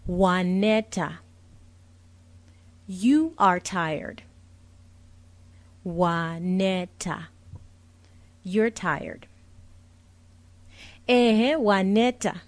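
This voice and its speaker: Slow, patient woman language teacher. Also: mid-range voice, dry recording. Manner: patient, clear, explains each word with a translation. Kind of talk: slow, deliberate vocabulary lesson, repeating each word.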